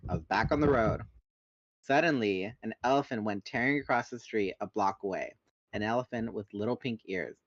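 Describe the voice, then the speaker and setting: A man's voice: lowish voice, normal speed, no room sound. A man hosting a podcast, reading a novel aloud with joking asides, on a dull, lo-fi recording. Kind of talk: casual book read-along.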